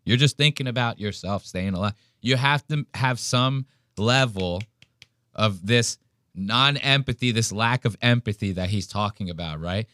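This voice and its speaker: A man's voice: fairly low pitch, normal speed, a bit bright, smooth, dry recording, studio quality. A man hosting a podcast, ranting bluntly and profanely in casual commentary. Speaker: podcast host.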